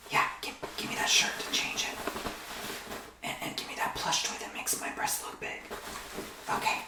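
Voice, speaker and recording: A man's voice: medium pitch, roomy sound, background noise, natural voice. A man whispering in a role-play as a pushy, rude male timeshare salesman who presses hard for a sale. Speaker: ASMR role-player.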